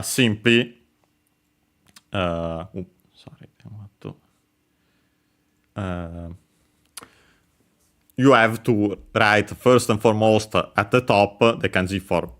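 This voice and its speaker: A man with a very low voice walks viewers through a casual livestream lesson. He speaks slowly, pausing often with fillers and correcting himself as he goes. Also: a bit bright. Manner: hesitant, many fillers and self-corrections. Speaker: language teacher streaming.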